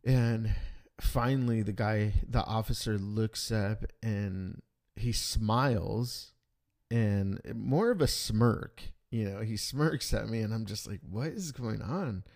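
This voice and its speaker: A man casually retelling a tense travel story in a rambling, animated way, acting out the dialogue. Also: fairly low pitch, slow pace.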